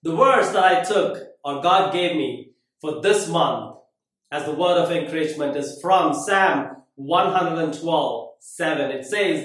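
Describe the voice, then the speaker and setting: Brief: male preacher, fairly high voice, dramatic sermon storytelling, strong room echo. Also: a little slow. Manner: dramatic, swinging from loud to very quiet. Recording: very echoey room.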